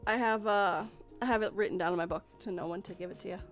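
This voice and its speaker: A woman's voice: mid-range voice, quick pace, faint music behind. A woman hosting a casual chat stream, rambling and cutting herself off mid-sentence. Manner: rambling, self-interrupting. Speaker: podcast host.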